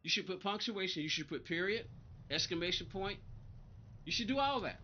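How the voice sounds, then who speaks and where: A man's voice: sits high, lively intonation, fairly quick, bright, forceful tone, lo-fi sound, slight background noise. Exasperated man streamer talking back to chat. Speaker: racing game streamer. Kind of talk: live-stream chat with viewers.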